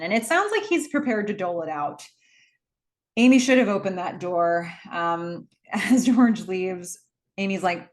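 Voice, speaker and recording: A woman talking through a film recap in a loose, rambling way, with wry asides. Her voice sits at an ordinary middle pitch. She often restarts her sentences and fills pauses with "um" and "like". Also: lively intonation. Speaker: movie recap host. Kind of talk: casual movie recap.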